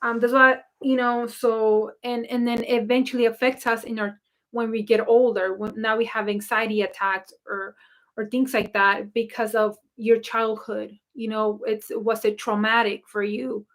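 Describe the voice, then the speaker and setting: Rambling woman, slightly high voice. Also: level tone, moderate pace. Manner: rambling, many fillers and restarts. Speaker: spiritual coach answering viewer questions. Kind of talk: casual talk to camera.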